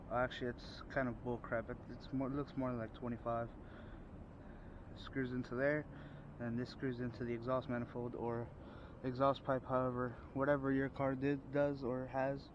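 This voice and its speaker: A man's voice: medium pitch, level tone, moderate pace. Man, casual DIY car repair vlogger, rambling and informal, outdoor noise, muffled phone audio. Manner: rambling, informal, with frequent fillers and restarts. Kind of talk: casual how-to narration. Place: outdoors working under a car at night.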